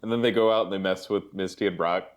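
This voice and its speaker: Soft-spoken man agreeing along. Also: low-pitched, fairly even intonation, quick pace. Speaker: podcast co-host. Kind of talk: casual chat.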